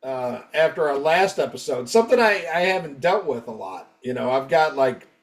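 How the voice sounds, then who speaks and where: A man's voice: medium pitch, big pitch swings, moderate pace, distant mic. A man hosting a podcast, chatting loosely and joking with plenty of swearing. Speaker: podcast host. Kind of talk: casual podcast chat.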